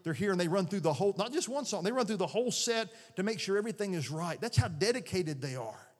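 A man's voice: high-pitched, lively intonation, quick pace, husky. A middle-aged male pastor preaching an earnest, conversational sermon in a church, often restarting his phrases. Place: church sanctuary. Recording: long reverb of a large hall.

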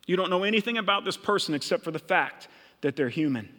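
A man's voice: high-pitched, expressive, fast talker, pushed and bright, long reverb tail. A middle-aged man from Minnesota preaching a sermon, retelling a story and voicing the characters' thoughts. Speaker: pastor.

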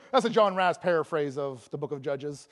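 A man's voice: a little high, animated, normal speed. A man preaching a sermon as an evangelist, joking and laughing often between points, talking loosely with lots of fillers and restarts.

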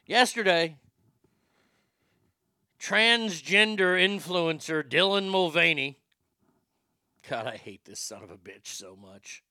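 Bright-voiced ranting male host. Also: high voice, takes it slowly, long pauses, dry recording, clean studio sound. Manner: animated, swings from shouting to muttering. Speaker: show host. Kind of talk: profane comedic rant.

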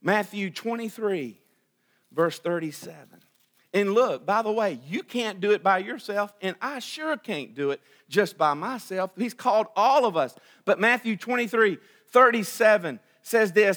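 High, bright-voiced preaching pastor. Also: male voice, expressive, normal speed. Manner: emphatic preaching that swings between loud and hushed; repeats phrases for emphasis. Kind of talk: sermon.

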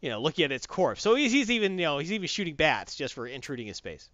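A man chatting casually as he retells a comic story, rambling and full of fillers. His voice sits a little high and swings widely in pitch. The sound is dry and slightly dull. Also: fast, dry recording. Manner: rambling, animated, heavy on fillers.

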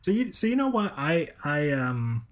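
A man's voice: on the high side, very animated. Guy cohosting a chat show, lots of um and restarts, trails off. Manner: halting, hedging, trails off. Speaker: co-host. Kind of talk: casual podcast chat.

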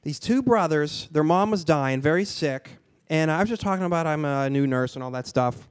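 A man's voice: on the high side, animated, normal speed, smooth. A man in casual conversation, talking in a rambling way, often restarting and searching for words.

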